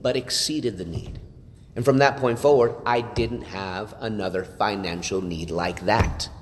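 A man of medium pitch speaks to a gathered group in a hall with a long, ringing reverb. He tells his story earnestly and conversationally, restarting his sentences and dropping in "right?" as he goes. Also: a little hiss or hum. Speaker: church leader sharing testimony. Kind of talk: testimony talk to a church group.

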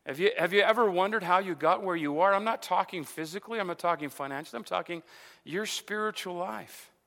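A man delivers a sermon with a high, bright voice, talking loosely and dropping "amen" between phrases. He often restarts and repeats words as he builds his point. The sound carries a long reverb, as in a large hall. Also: brisk. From Arizona, USA. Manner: preaching with frequent "amen" fillers and repetitions. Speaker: pastor.

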